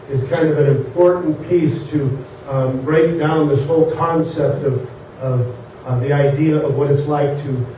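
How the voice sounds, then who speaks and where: A male minister giving a sermon in a casual, joke-telling way, often pausing with fillers as he speaks. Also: a little high, warm tone, a little hiss or hum. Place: church sanctuary. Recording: echoey far-off dull sanctuary recording.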